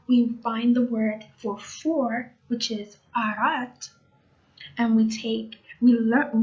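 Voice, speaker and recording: Slow, patient woman teaching words. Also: on the high side, muffled recording. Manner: patient, repeats each word, chatty asides. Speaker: language teacher. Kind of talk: casual spoken lesson.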